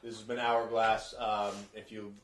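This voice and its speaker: A man's voice: on the low side, flat delivery, a little slow, noisy background. A man co-hosting a casual chat show, easygoing and chatty, laughing often. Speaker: co-host. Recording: roomy room, distant mic.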